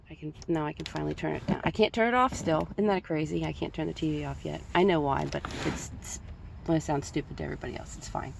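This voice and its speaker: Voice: mid-range voice, creaky, slight background noise. A flustered vlogger rambling in a casual monologue at home, often stopping mid-sentence and laughing at their own jokes. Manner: flustered, rambling, self-interrupting. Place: at home, just woke up. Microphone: recording only audio, no video.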